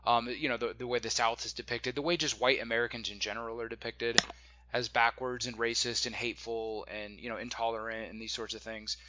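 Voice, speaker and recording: A young adult man hosting an interview, speaking in a measured, hedging way. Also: mid-range voice, little pitch movement, sharp tone, dull audio, slight background noise. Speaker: host. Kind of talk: interview conversation.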